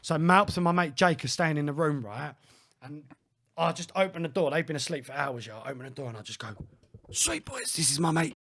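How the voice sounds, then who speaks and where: A man telling lively, laughing stories as a guest on a casual podcast. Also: on the high side, quick pace. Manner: animated, laughs often, acts out quoted voices. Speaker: guest DJ and producer.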